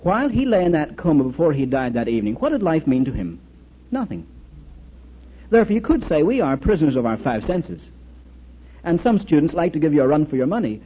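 On a dull lo-fi recording with slight background noise, a former military chaplain speaks fairly quickly in a high, sing-song voice. His earnest lecture leans on anecdotes and rhetorical questions.

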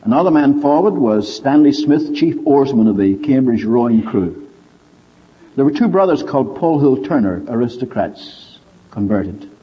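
Male preacher, husky and animated, recorded lo-fi in a big echoing hall. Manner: lively storyteller with wide pitch swings. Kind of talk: sermon storytelling. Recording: dull lo-fi recording with long hall reverb.

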